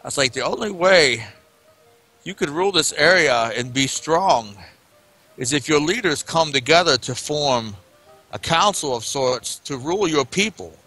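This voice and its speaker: A man's voice: on the high side, lively intonation, a little slow, bright, forceful tone, faint music behind. A man playing a tabletop game, making a long earnest in-character speech. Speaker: player. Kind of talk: in-character tabletop role-play.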